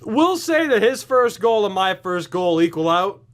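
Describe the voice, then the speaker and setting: Tired guy narrating his own hockey game, kinda high voice, sarcastic, yelps when stuff happens. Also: moderate pace, hardly any pauses. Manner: tired, sarcastic, playful with sudden excited outbursts. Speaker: gaming YouTuber. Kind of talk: casual gameplay commentary.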